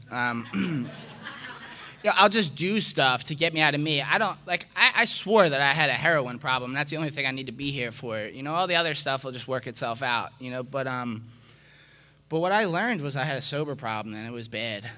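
A man's voice: medium pitch, animated, brisk, bright, forceful tone. A man telling his recovery story in a frank, self-mocking way, often dropping "man" and restarting his sentences. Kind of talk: candid personal testimony.

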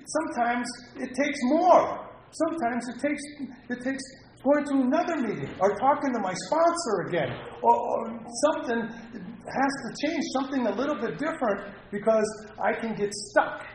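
A man's voice: very high voice, expressive, normal speed, slight background noise. A middle-aged man giving a heartfelt, rambling personal share at a recovery meeting, often repeating himself. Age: middle-aged or older. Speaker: speaker sharing at a recovery meeting. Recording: echoey meeting room with faint ambience.

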